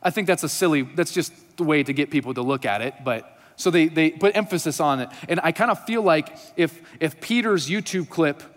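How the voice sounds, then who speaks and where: A man delivers a sermon in an easy, conversational tone with flashes of humor, then moves into reading scripture aloud. His voice sits a little high for a man. A long reverb carries it through a church hall. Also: a little fast, few pauses. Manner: casual, conversational preaching with humor. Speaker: pastor.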